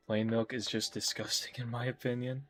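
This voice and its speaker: A man's voice: mid-range voice, flat delivery, normal speed, a bit bright. Rambling jokey male streamer. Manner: rambling, jokey, self-mocking. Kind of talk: casual chat while drawing on stream.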